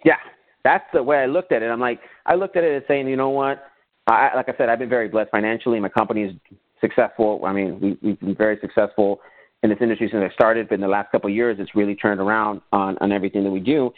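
Fast-talking man, tinny phone-like sound. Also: lowish voice, dry recording. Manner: animated storyteller who acts out remembered conversations. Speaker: podcast guest, business owner. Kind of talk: casual interview storytelling.

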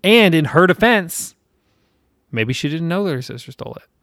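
A man's voice: fairly high pitch, expressive, moderate pace, a bit bright, no echo. A man in his thirties from South Carolina, hosting a casual chat and telling a rambling, profane story with self-deprecating laughs.

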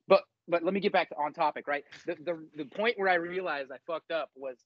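Animated young man telling stories. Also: fairly high pitch, a little fast, dry recording, lo-fi sound. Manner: animated storytelling, acts out shouted quotes. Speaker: podcast co-host. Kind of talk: casual chat.

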